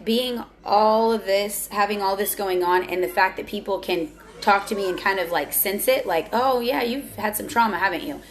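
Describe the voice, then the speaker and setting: A young woman talking candidly on her vlog, earnest and confessional, often restarting her sentences. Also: on the low side. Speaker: vlogger. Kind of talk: candid personal vlog talk.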